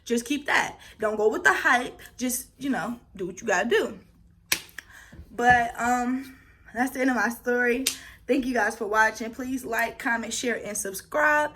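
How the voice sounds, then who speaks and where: Bright-voiced young woman telling a story. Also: on the high side, unhurried, a little hiss or hum. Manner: animated, profane, acts out scenes. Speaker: vlogger. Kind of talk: casual storytime.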